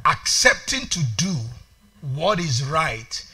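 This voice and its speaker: High bright shouting pastor. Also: male voice, big pitch swings, slow pace. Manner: preaching with loud shouted calls to the congregation. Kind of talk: sermon. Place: church sanctuary.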